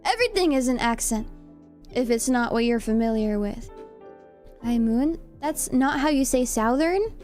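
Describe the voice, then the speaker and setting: A woman's voice: on the high side, expressive, normal speed, darkish tone, soft background music. A young woman with a Californian accent, chatting casually with her live viewers, giggly and self-deprecating. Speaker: streamer. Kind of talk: casual chat reading live comments.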